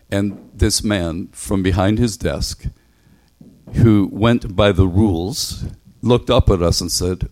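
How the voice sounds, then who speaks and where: A man giving a sermon in a relaxed, anecdotal storytelling manner that closes in prayer. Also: on the low side, takes it slowly. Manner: conversational, anecdotal, acts out voices in stories. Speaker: preacher.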